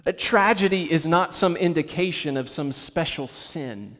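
A man preaching in a church, speaking in a fairly high voice that rings through a long hall reverb. He talks to the congregation conversationally, tossing in casual asides and rhetorical questions. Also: expressive, a little slow, hardly any pauses, a bit bright. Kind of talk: sermon.

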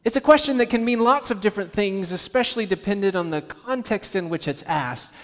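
A man delivers a sermon in a casual, animated style, slipping into quick acted-out voices to make his point. His voice sits a bit high for a man. The sound carries the long reverb of a large church hall. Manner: animated, conversational preaching with acted-out quotes. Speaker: pastor. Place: church sanctuary.

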